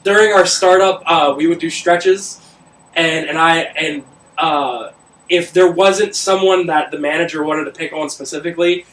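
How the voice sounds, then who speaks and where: A man with a high voice spins a long work story on a casual podcast, loud and swearing freely. He sounds roomy, caught by a microphone set some way off. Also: moderate pace. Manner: loud, profane, animated storyteller. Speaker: podcast co-host. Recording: roomy room, mic at a distance.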